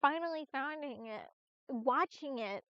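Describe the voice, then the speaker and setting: A woman's voice: high-pitched, expressive, a little slow, dry recording. A woman streamer chatting casually on a live stream, rambling with lots of restarts and fillers and the odd swear. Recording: dull, lo-fi, dry stream audio.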